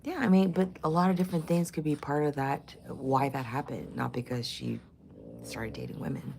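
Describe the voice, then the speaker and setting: A woman's voice: very deep voice, animated, moderate pace, gravelly, a little mellow, a little hiss or hum. A middle-aged woman vlogging in casual chat, blunt, profane and opinionated.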